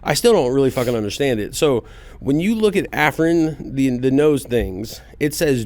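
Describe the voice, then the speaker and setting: A man with an Oklahoma accent co-hosting a casual podcast, playful and quick to laugh, swearing freely. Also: mid-range voice, lively intonation, a little mellow, no echo. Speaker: podcast co-host.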